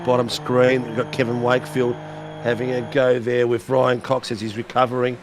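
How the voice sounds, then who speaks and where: A man with a croaky voice, giving rambling, jokey live race commentary. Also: medium pitch, completely flat delivery, normal speed. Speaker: sim racing commentator. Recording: loud race car engine noise behind.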